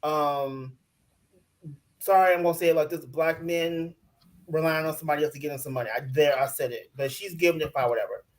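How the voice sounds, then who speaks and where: A woman's voice: deep voice, a little fast, a little mellow. A woman co-hosting a casual reality TV recap, ranting bluntly and in exasperation, and putting on mock voices for the people she talks about. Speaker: co-host of a reality TV recap show. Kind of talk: casual chat.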